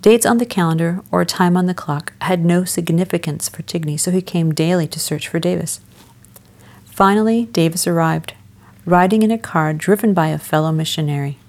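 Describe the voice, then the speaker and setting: A woman telling a devotional story as a dramatic sermon, measured and emphatic with a solemn delivery. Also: on the low side, a little mellow.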